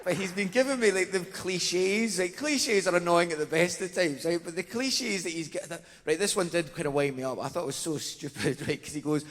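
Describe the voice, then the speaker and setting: Scottish male comic, self-mocking patter, brighter-pitched, playing a big theatre with a long echo. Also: a little fast, few pauses. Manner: chatty, self-mocking, says "man" a lot. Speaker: stand-up comedian. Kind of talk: stand-up comedy set. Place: large theatre stage. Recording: theatre stage reverb, faint noise.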